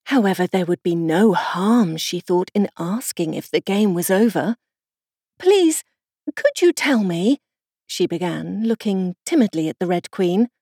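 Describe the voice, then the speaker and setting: A woman narrating a classic children's story as a volunteer reader, with lively storytelling. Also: on the low side, normal speed, hardly any pauses, breathy edge, no echo, studio quality. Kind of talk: audiobook narration.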